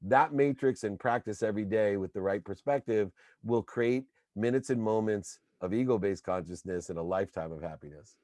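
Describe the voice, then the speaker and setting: A middle-aged man, a podcast guest, talking in an energetic, motivational way and telling anecdotes. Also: lowish voice, normal speed, few pauses, no room sound, studio quality. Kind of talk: casual interview talk.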